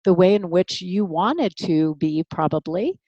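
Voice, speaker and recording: A woman's voice: on the low side, animated, measured pace, dark tone, no room sound, muffled recording. Woman podcast host and parenting coach, affirming and encouraging, close dry recording. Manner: affirming, encouraging responses to the guest. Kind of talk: warm affirming interview conversation.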